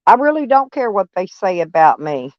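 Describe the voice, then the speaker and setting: A woman's voice: mid-range voice, very animated, normal speed, no room sound. Blunt drawling woman. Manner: blunt, drawling, repeats herself. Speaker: van life vlogger. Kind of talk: casual live-stream chat. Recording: dull lo-fi sound.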